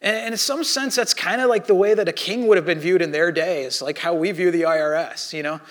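A male pastor preaches in a loose, conversational sermon style. He fills his talk with asides and "you know"s. His voice sits high. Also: a little fast. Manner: conversational and animated, with repeated fillers.

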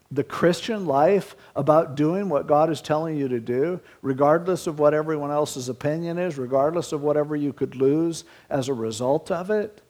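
A man's voice: a little high, a little mellow. An older man, a pastor, giving a sermon in a conversational, storytelling way with self-deprecating asides.

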